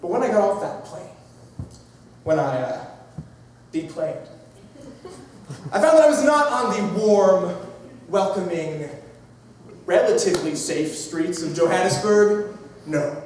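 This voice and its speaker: A man's voice: high-pitched, lively intonation, a little slow, pauses often, a little hiss or hum. Theatrical young man telling a comic tale. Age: young adult. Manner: theatrical, mock-grand, with sudden shouts. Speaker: narrator of an a cappella comedy skit. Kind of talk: comic storytelling to a live audience. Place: performance hall. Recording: roomy hall from far off, crowd.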